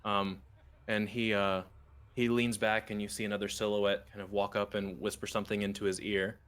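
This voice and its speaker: A man running a tabletop game as game master, narrating in a halting way with many fillers. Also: fairly low pitch, flat delivery, fairly bright tone, clean tone.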